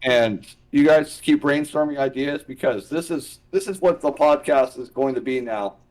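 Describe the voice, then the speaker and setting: A man co-hosting a podcast in a studio, thinking aloud and working through story logic in a relaxed chat. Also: medium pitch, normal speed. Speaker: podcast co-host. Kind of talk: casual brainstorming chat.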